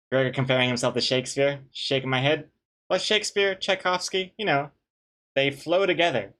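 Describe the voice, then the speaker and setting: A man's voice: medium pitch, fairly even intonation, moderate pace, pauses often, fairly bright tone. A man, a webcomic artist, chatting casually on a live stream, reading chat aloud with dry, joking banter and rambling restarts.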